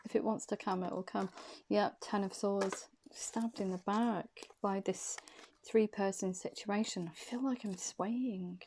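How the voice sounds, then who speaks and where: A woman's voice: medium pitch, steady tone, unhurried, darkish tone, a little hiss or hum. A woman giving an intuitive tarot reading, short of breath, hesitant and often repeating her questions. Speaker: tarot reader.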